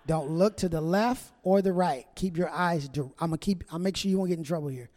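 A male pastor with a high, light voice and a darkish tone preaches a humorous sermon at a slightly fast clip. Joking and chatty, he addresses the congregation directly and teases the men and then the women. The long reverb of a big church hall carries his words.

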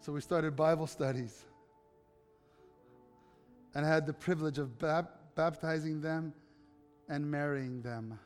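Animated storytelling pastor in a big hall. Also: male voice, on the high side, measured pace, long pauses, smooth. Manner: animated, acts out dialogue, builds to impassioned appeals. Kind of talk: sermon with personal storytelling. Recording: long hall reverb with faint music.

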